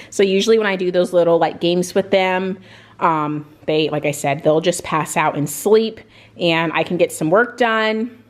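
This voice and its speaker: A young woman chatting casually to camera in a vlog about her dogs, talking about their care and routine. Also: moderate pace. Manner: chatty, switches to high excited praise for the dogs. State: out of breath. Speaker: vlogger, dog owner.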